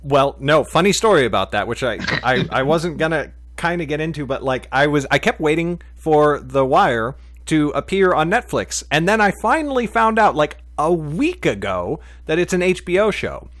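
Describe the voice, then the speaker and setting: A man's voice: a little high, animated, moderate pace, few pauses, fairly bright tone, no room sound. A man hosting a casual podcast chat, rambling and joking with lots of fillers. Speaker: podcast host.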